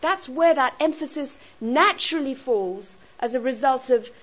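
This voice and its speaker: Animated woman teaching a class. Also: high-pitched, moderate pace, muffled recording. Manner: checks in with rhetorical questions. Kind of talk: classroom lecture on grammar.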